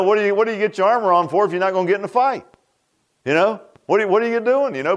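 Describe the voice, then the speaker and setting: A male pastor preaching in a folksy, chatty way, his voice sitting a little higher than most men's. He keeps asking the listeners rhetorical questions and repeats himself for emphasis, laughing at his own jokes along the way. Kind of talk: sermon.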